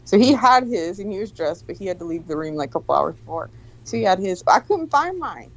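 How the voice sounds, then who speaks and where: A woman's voice: medium pitch, very animated, fast, gravelly. A woman co-hosting a podcast in casual chat, blunt and teasing, swearing freely. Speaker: podcast co-host.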